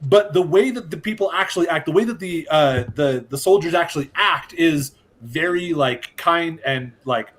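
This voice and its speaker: A man hosts a casual podcast chat in a measured, hedging way, sprinkling in "like" as he builds his argument. His voice is somewhat high for a man. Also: a bit bright. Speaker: podcast host.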